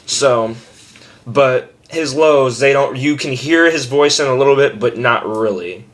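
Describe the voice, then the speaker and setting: A young man gives a loose, rambling tutorial on screaming, poking fun at himself and breaking into sudden loud scream demonstrations. His voice is mid-range and his pace measured.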